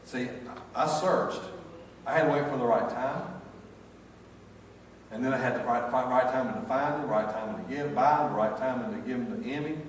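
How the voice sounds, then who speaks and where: A man's voice: medium pitch, normal speed, slight background noise. An older man with a Southern American accent preaching a folksy sermon full of personal stories, with rambling restarts. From North Carolina, USA. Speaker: pastor. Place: church sanctuary. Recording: echoey church hall, mic far off, faint ambience.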